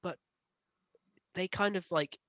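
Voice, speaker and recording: A man co-hosting a casual book club review, talking in an animated way with frequent laughs. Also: high-pitched, slow pace, dry recording, muffled recording. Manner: animated, laughs often, rises loud when ranting.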